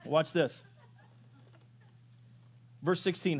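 A man preaching a sermon, moving from loud rising questions to low quiet asides. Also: expressive, a little fast, pauses often. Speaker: pastor. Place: church sanctuary.

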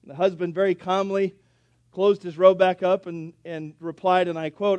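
A man's voice: high voice, level tone, normal speed, darkish tone, lo-fi sound. A male pastor preaching a sermon in a church, telling folksy jokes as he goes. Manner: folksy, joking storyteller. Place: church sanctuary.

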